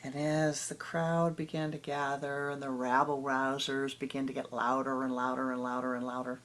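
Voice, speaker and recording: A woman spiritual teacher telling a parable in a meditation talk, dramatic and rhythmic, often dropping to a hush. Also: very deep voice, flat delivery, normal speed.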